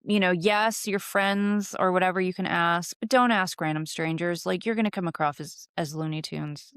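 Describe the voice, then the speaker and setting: A woman's voice: fairly low pitch, normal speed, a bit bright, smooth, no echo, clean studio sound. A young woman hosting a witchcraft podcast, telling stories and teaching in a candid, casual way, swearing freely and using many fillers. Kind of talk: casual storytelling lesson.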